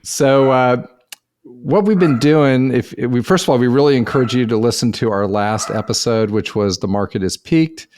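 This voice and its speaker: A man's voice: mid-range voice, moderate pace, a little mellow, slight background noise. A middle-aged man co-hosting a real estate podcast in a folksy, upbeat, joking way. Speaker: podcast co-host. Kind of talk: casual chat.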